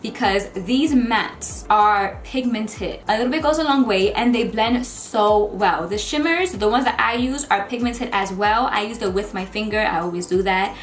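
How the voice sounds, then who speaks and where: A woman's voice: mid-range voice, moderate pace, few pauses. A woman vlogger unboxing beauty products and trying them on, chatting casually and gushing over each item. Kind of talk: casual unboxing and makeup try-on. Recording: echoey room with faint music.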